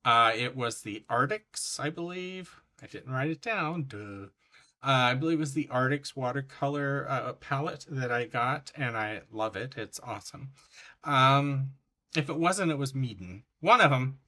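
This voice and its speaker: A man's voice: medium pitch, animated, normal speed, sharp tone. A man hosting a coloring channel, chatting in a rambling, effusive way about his finished pages. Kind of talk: casual chat showing finished coloring pages.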